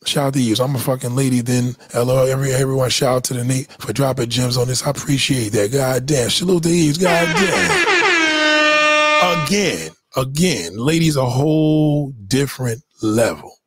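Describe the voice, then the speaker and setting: A man's voice: mid-range voice, brisk, hardly any pauses, over music. A man hosting a casual livestream monologue, talking in an emphatic, preachy way with lots of swearing.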